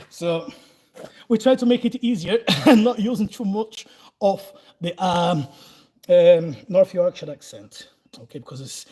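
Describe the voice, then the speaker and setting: Man in his 40s, Brazilian accent, high voice, chatty self-defense coach, laughs a lot. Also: darkish tone, poor audio. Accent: Brazilian Portuguese. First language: Portuguese. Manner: laughs often, loose and chatty. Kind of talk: casual live Q&A and instruction.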